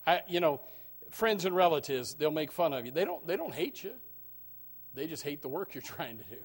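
A male pastor preaching with passion, swinging from low murmurs to near shouts. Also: animated, normal speed. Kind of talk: sermon.

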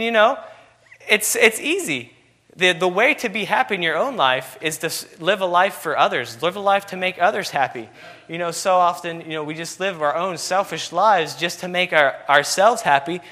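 A man's voice: fairly high pitch, pushed and bright. A man preaching a sermon, asking repeated rhetorical questions with constant "you know" fillers.

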